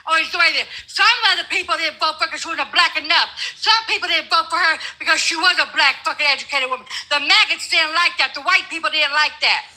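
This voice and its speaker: A woman's voice: high voice, quick pace, hardly any pauses, pushed and bright, rough recording. An older woman arguing as a guest in a heated livestream debate, blunt, confrontational and full of profanity.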